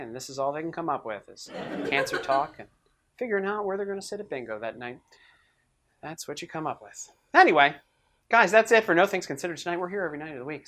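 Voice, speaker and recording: A man hosting a comedic online news show, delivering sarcastic, mocking commentary in an animated way. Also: on the high side. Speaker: host. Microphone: webcam in a box frame.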